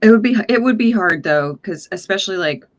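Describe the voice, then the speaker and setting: A woman hosting a casual chat, talkative and quick to laugh, often trailing off mid-sentence. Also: mid-range voice, expressive. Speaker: podcast host.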